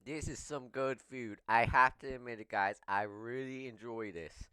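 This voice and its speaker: A man hosting a casual eating vlog, talking between bites in a slow, playful way and pushing viewers to subscribe. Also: medium pitch, bright, forceful tone, clear, resonant tone, no echo. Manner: talks while chewing, slow and playful, begs for subscribers. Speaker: mukbang vlogger.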